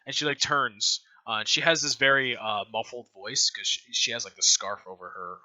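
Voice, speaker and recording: A man's voice: mid-range voice, moderate pace, hardly any pauses, bright, forceful tone, low-quality recording. A man narrating as game master in a hesitant, filler-heavy way.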